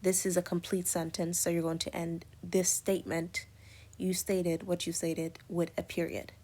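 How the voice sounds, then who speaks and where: A woman's voice: fairly low pitch, level tone, moderate pace, dark tone. A woman teaching an English lesson, explaining punctuation step by step with many spoken examples and fillers. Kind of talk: recorded lecture on punctuation.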